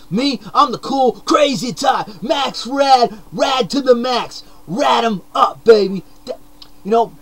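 The young man's mullet-sporting surfer-dude character boasts to camera in a high-pitched voice, keeping up a hyper, upbeat, shouty comedy monologue full of slang.

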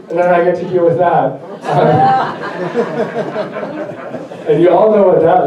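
A man's voice: high voice, normal speed, long pauses, highs cut off, crowd noise. A man preaching a sermon as pastor. He speaks in a direct, conversational way and jokes about himself. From Germany. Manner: direct, conversational, self-joking. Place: church sanctuary. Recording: echoey church hall, mic far off.

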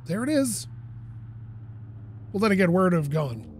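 A man with a high voice that swings widely in pitch, commentating his own gameplay. He talks to himself and swears when a moment goes wrong. Faint game sounds sit behind him. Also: moderate pace, a little hiss or hum. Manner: animated, self-talking, swearing when frustrated. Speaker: gaming channel host. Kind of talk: let's play commentary.

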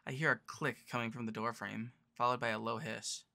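Bright-voiced man reading a visual novel. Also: mid-range voice, level tone, a little fast, vocal fry, dry recording, studio quality. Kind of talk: first-person narration and dialogue read-aloud.

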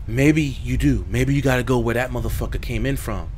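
A man hosting a horror game let's play, talking profanely and nervously, yelping and shouting when scared. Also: medium pitch, brisk, slight background noise. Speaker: gaming video host.

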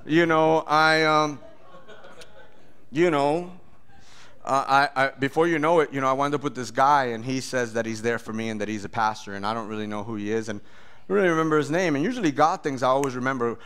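A pastor telling his testimony in a sermon, animated, acting out voices and often laughing. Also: mid-range voice, fairly quick, clean tone.

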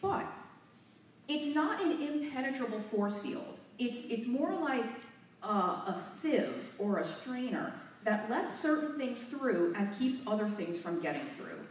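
A woman's voice: fairly high pitch, a little slow, a little hiss or hum. Out-of-breath woman in an echoey hall. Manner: animated, laughing, a bit nervous. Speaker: guest speaker. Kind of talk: talk to a live audience. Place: hotel meeting room. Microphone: handheld mic, recorded from far off. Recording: echoey room from far off.

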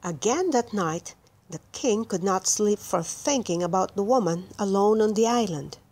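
A woman reading a children's picture book aloud in a slow, clear storytelling manner, with music playing behind. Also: medium pitch, animated, a little mellow. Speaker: storybook reader. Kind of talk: children's read-aloud narration.

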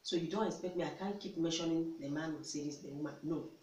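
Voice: mid-range voice, fast talker, darkish tone, dull audio. Emphatic adviser in an echoey room. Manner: emphatic, repeats key words and asks rhetorical questions. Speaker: relationship advice vlogger. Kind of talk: instructive counseling talk. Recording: echoey room, distant mic, faint hiss.

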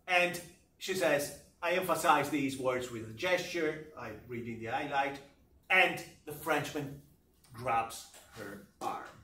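A man giving a university literature lecture, talking in a deliberate, emphatic way and often checking in with his listeners. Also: mid-range voice, sharp tone. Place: lecture room. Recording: echoey room, voice from far off.

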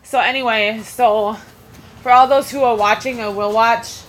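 Woman, casual live-stream chat, babysitting at home, fairly high voice, rambling, repeats herself, laughs often. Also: fairly even intonation, unhurried, fairly bright tone, a little hiss or hum. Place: indoors at a home.

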